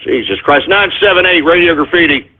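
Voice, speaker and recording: A man's voice: a little high, brisk. A man hosting a talk radio show, ranting at callers in a profane, exasperated way. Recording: tinny phone-like line.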